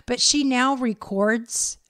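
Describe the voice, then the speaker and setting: A woman's voice: a little high, slow, dry recording, clean studio sound. A woman in her fifties co-hosting a casual podcast, telling stories and acting out the lines of the people in them. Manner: animated storyteller acting out quotes. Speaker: podcast co-host. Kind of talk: casual chat.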